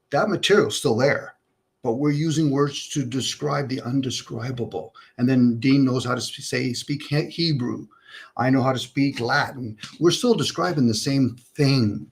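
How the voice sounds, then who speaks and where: Over an online call, a livestream host rambles through philosophical ideas, asking plenty of rhetorical questions in a casual chat. He speaks with a medium-pitched voice at a measured pace.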